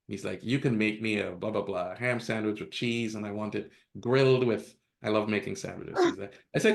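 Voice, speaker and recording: This podcast guest talks fast with a lowish, vocal-fry voice and barely pauses. He's a man telling frank personal stories casually during an interview, chuckling at his own tales and performing the quotes.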